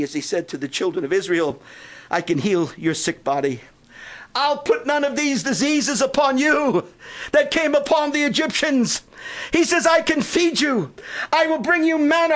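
A man preaching a sermon who swells into shouted, drawn-out proclamations and then sinks to a hushed appeal. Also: very high-pitched.

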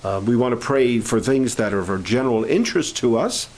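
A man leading a camp prayer meeting, speaking in an informal, halting sermon style with restarts and growing fervor. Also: mid-range voice, expressive, darkish tone, low-quality recording.

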